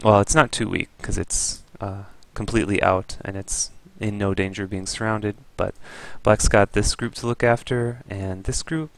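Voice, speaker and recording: A man's voice: lowish voice, fairly even intonation, moderate pace, vocal fry, few pauses, no echo. A man giving an easygoing, explanatory review of a Go game as a teacher.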